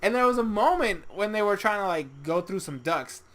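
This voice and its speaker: A young adult reviewing an anime episode in casual solo commentary, excitable, swearing often and laughing a lot. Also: mid-range voice, brisk.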